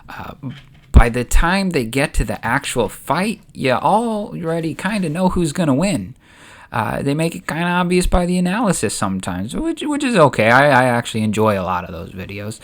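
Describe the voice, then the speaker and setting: A man with a slightly high voice narrates a story at a moderate pace as host of a YouTube channel. His style is casual, chatty, and relaxed, with plenty of fillers.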